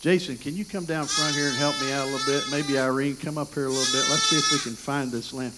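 A man's voice: medium pitch, fairly even intonation, fast talker, heavy background noise. A man preaching a sermon as pastor, telling stories and calling people up front from the congregation. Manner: storytelling, interactive with congregation.

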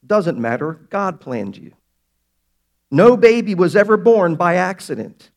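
A man pastor preaching a sermon to his congregation, emphatic and slowing down to stress key words. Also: high voice, sing-song, darkish tone. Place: church sanctuary.

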